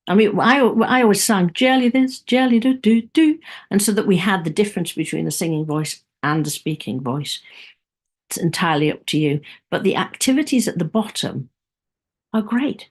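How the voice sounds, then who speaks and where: A woman's voice: on the low side, lively intonation, normal speed, breathy edge. A woman music teacher giving a webinar, chatty and demonstrative, dropping into sung and whispered examples.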